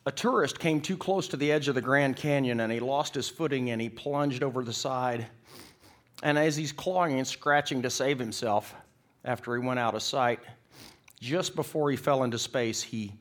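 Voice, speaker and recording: Middle-aged guy preaching in church, folksy storyteller, cracks jokes, mid-pitched voice. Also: normal speed. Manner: folksy storytelling, acts out characters in the joke. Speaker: pastor. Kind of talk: sermon.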